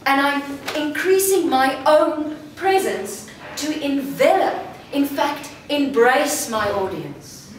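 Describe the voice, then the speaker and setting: This high-pitched woman, with lively intonation, is a speaker and voice coach leading a live workshop before an audience in a large room. Her delivery is slow, deliberate and demonstrative, and the distant recording picks up an echoey hall with room noise.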